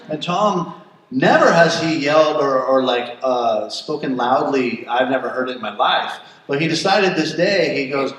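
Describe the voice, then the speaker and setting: A man hosting a live event, telling a lively personal story to an audience and laughing often. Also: a little high, slight background noise. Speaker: event host. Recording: echoey room, far from mic.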